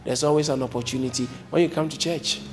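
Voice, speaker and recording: A man preaching a sermon as a pastor, switching between low explanations and sudden high emphatic lines. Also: quick pace, noisy background. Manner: animated preaching, jumping to high emphatic pitch.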